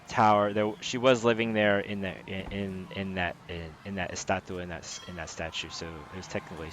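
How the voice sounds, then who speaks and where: An American man translating game dialogue as he plays, in casual commentary, halting and often correcting himself. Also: low voice, a bit bright, a little hiss or hum. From United States. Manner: halting, self-correcting, full of fillers. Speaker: gameplay host translating dialogue.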